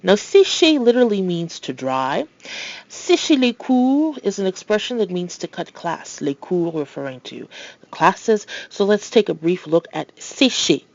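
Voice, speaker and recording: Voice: mid-range voice, big pitch swings, unhurried, vocal fry, darkish tone, dry recording, highs cut off. A language tutor giving a recorded lesson, explaining patiently with playful asides and reading French example phrases.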